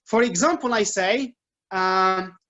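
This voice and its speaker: Lively Algerian man teaching English. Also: sits high, slow, lo-fi sound. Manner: lively, explanatory, frequent "like" fillers. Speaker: English teacher giving a talk. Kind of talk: informal lecture to students.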